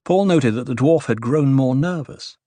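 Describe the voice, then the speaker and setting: A man narrating an audiobook in a measured, grave manner. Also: medium pitch, mellow, dry recording. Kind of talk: scripted narration.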